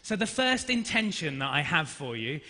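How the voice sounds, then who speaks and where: A man in his thirties, an actor leading an energetic interactive business workshop and directing the audience. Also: on the high side, normal speed. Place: large conference hall. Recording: reverberant hall.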